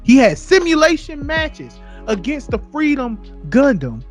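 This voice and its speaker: This is a man speaking in a heated, profanity-laced podcast rant. He takes his time, and his pitch swings widely as he hammers each point again and again. Faint music plays underneath. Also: very animated, a little slow. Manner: heated, profane, repetitive ranting. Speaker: podcast co-host.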